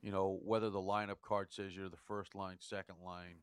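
Man, hockey co-host, low smooth voice, slow measured delivery, dry close sound. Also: flat delivery, no room sound. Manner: measured, dry, counts things out slowly. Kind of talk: casual hockey chat.

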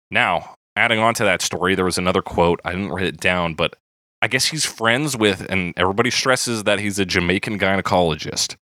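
A man with a very low voice and a bright, forceful edge talks through a song with his co-host. He is casual and animated, laughing often. The recording is dry and close. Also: fairly quick, dry recording. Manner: animated, laughing, reads lyrics aloud. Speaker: podcast co-host. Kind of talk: casual chat about music.

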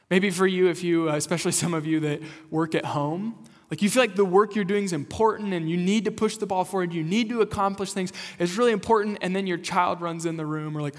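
A young-adult man from rural Kansas, a lead pastor giving a conversational, animated sermon and asking the congregation questions. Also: high-pitched, fairly quick, few pauses. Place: church sanctuary. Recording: long hall reverb.

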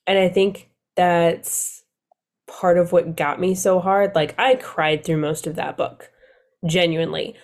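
Woman, lower-pitched, casual book podcast co-host; playful, laughs a lot, gushes. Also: steady tone, unhurried. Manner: laughs often, gushing and playful.

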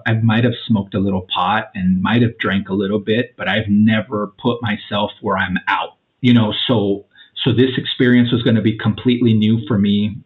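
Forties male guest: chatty, acts out every quote, drops "dude" often; tinny phone-quality audio. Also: fairly low pitch. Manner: animated storyteller, acts out quotes, says "man" and "dude" a lot. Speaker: podcast guest. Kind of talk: casual storytelling.

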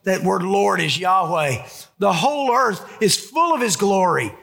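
A man's voice: high voice, expressive, unhurried, creaky, fairly bright tone. A man preaching a sermon, emphatic and full of stories. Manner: emphatic, storytelling. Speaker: pastor.

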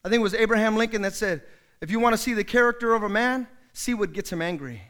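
A male pastor delivers a sermon in a strikingly high voice. His tone is bright and ringing. He acts out the people he quotes with big, loud outbursts. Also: fast talker, smooth.

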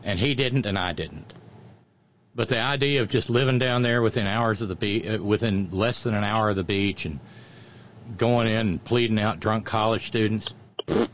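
A man telling stories in casual chat as a radio host, animated and mimicking the way others talk. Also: fairly low pitch, normal speed, lo-fi sound, a little hiss or hum. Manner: animated, drawling storyteller who mimics accents.

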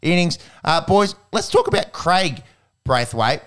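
Brief: Australian male podcast host, smooth resonant tone, joking, easygoing banter. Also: on the high side, expressive, unhurried, a bit bright. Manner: joking, laid-back banter. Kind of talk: casual chat.

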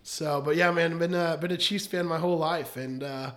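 A man's voice: a little high, fairly even intonation, normal speed, fairly bright tone. A man in his thirties, a podcast guest, telling long casual stories and laughing often. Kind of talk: casual chat, storytelling.

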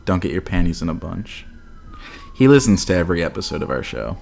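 A man's voice: low-pitched, sing-song, fairly quick, gravelly, darkish tone, slight background noise. Blunt, swearing man in casual talk. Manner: profane, blunt, heavy on fillers. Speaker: podcast co-host. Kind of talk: casual chat.

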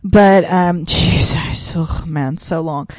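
A woman talks loosely and chattily as a podcast co-host, her voice sitting a little low for a woman. She wanders through her thoughts with plenty of "um"s, "like"s and bursts of laughter. The sound is dry and close, with no room around it. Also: slow pace, a little mellow, no room sound. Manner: rambling, lots of fillers and laughs. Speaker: hospital chaplain resident. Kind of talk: casual chat.

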